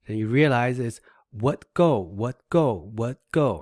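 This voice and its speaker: A man's voice: mid-range voice, lively intonation, takes it slowly, hardly any pauses, a little mellow, no echo, studio quality. A man giving an online language lesson, patiently demonstrating tones by humming and repeating sing-song syllables, often checking in with "right?". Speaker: language teacher.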